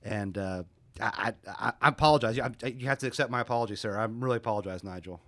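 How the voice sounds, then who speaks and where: A man's voice: on the low side, fast, sharp tone, dry recording. A man hosting a local podcast as town mayor, chatting casually and often restarting his words. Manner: chatty, stammers and repeats words. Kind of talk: casual chat.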